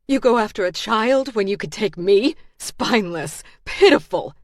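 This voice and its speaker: A woman voicing a desperate, defiant mother who shouts high and loud in raw fury. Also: moderate pace, no echo, clean studio sound, close to an everyday voice. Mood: furious defiance.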